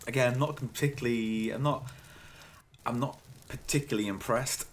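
A man's voice: medium pitch, fairly even intonation, normal speed, slight background noise. A man co-hosting a comedy podcast, teasing and skeptical, questioning his partner's tall tales with incredulous jokes. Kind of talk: improvised comic banter.

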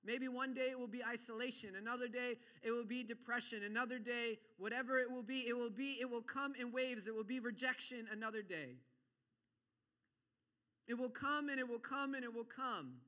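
A man preaches to his congregation in a high, brilliantly bright voice. He swings from forceful declarations down to hushed, dropped asides. When he reads scripture, he slows and weighs each phrase. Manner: reads scripture aloud slowly and deliberately. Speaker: pastor. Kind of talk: sermon.

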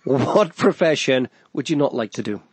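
A man's voice: medium pitch, expressive, moderate pace, husky, no room sound. Chatty male podcast host, dry close mic. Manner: chatty, eager, plugs his projects. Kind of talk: casual podcast interview.

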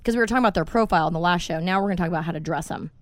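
A woman's voice: on the low side, rapid-fire, dry recording. Blunt, swearing woman podcast host. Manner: animated, blunt storytelling with swearing. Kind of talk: casual podcast chat.

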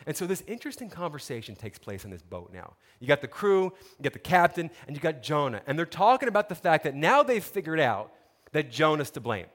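A male pastor delivering a sermon as animated storytelling, his pitch swinging widely and sitting a bit high. Casual asides break up the narration, and a long hall reverb trails his words. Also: brisk.

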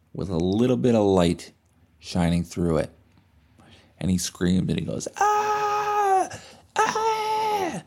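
A man hosts his podcast and retells a movie in a loose, swearing storytelling style. His voice is low and deep, with a mellow, relaxed tone. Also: gravelly. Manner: profane, animated retelling with restarts. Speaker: podcast host. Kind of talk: casual storytelling chat.

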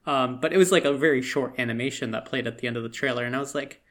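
A man's voice: mid-range voice, fast, hardly any pauses. A man co-hosting a podcast, chatty and rambling with frequent fillers in a casual fan discussion. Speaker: podcast co-host.

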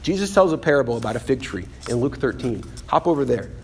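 A man preaching a sermon in an animated, conversational way, often acting out quotes and restarting his phrases. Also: medium pitch, fast, slight background noise.

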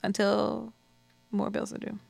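A woman's voice: medium pitch, monotone, measured pace, vocal fry, a little mellow, dry recording, clean studio sound. A young woman co-hosting a casual chat, laughing easily and reacting eagerly. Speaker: podcast co-host.

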